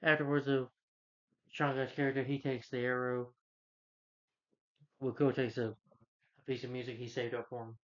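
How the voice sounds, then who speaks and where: A man's voice: mid-range voice, little pitch movement, moderate pace, pauses often. A man casually recapping a movie plot, rambling and filling with "like" and "you know.". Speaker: movie reviewer. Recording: dull lo-fi recording.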